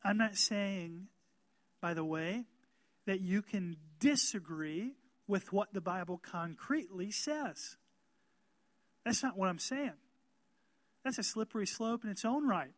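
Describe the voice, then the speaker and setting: A man preaching a sermon as pastor, emphatic and calling out amens to the congregation, growing louder and more animated. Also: sits high, slow pace, long pauses, dry recording.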